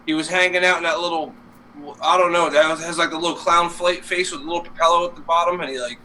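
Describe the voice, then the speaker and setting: Rambling and swearing with plenty of fillers, a male co-host talks fast on a casual live stream. His fairly high voice is steady, bright and forceful, recorded through a distant mic with faint noise.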